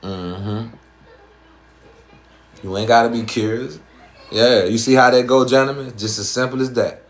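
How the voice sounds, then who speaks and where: A man's voice: medium pitch, steady tone, unhurried. A man with a Southern American accent, hosting a live stream in casual chat and talking in slangy, profane, rhyming streetwise patter. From Southern US, Georgia.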